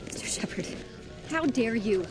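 A woman's voice: fairly high pitch, animated, unhurried, music in the background. An actress playing a strict, indignant woman who scolds a colleague for neglecting trainees. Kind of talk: film dialogue.

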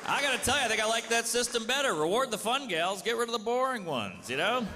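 Crude, lively man doing stand-up. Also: extremely high pitch, fast, hardly any pauses, a crowd in the background. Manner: crude, conversational, lots of "you know". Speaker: stand-up comedian. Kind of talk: stand-up comedy set. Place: comedy club stage. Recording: live stage mic, reverberant hall, loud audience. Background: audience laughter and room noise.

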